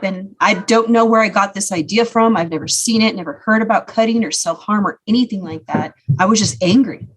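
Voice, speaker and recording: A woman's voice: medium pitch, slightly rough. Woman telling her own story, earnest. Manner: earnest, reflective, with frequent "you know". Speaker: podcast guest. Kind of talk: personal storytelling.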